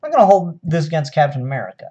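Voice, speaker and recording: A man's voice: on the high side, big pitch swings, very fast, mellow, slightly rough, muffled recording. A man casually reviewing comic books on his own, with a sarcastic, exasperated manner and frequent sighs and fillers.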